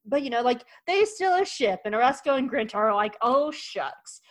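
A woman's voice: on the high side, lively intonation, a little fast, poor audio. A woman hosting a podcast in casual chat, gushing enthusiastically and rambling with frequent restarts and fillers. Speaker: podcast host.

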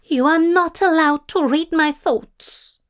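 A woman voicing a gentle, flustered male angel. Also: extremely high pitch, takes it slowly, voice pushed up.

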